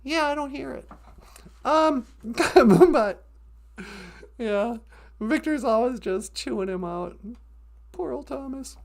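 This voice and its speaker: A woman's voice: sits high, lively intonation, takes it slowly, creaky, long pauses, a little mellow. A woman co-hosting a comedy podcast, bantering in a sarcastic, joking way. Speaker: podcast co-host.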